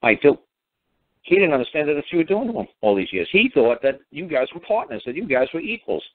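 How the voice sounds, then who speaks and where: A man's voice: fairly high pitch, very animated, fairly quick, no room sound. A man telling a long family story in a blunt, rambling way, swearing and acting out the people he quotes. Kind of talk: casual storytelling. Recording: tinny dry phone-line audio.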